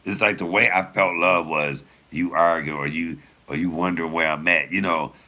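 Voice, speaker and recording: At a normal speed and a low pitch, a male comic spins foul-mouthed yarns for his audience, chuckling as he goes. His delivery is lively and casual, aimed squarely at viewers.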